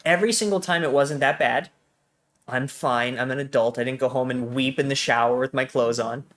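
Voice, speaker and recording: A man's voice: mid-range voice, brisk, a bit bright. A young American man from Colorado, a guest in casual conversation, telling stories animatedly and laughing often. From Colorado, USA.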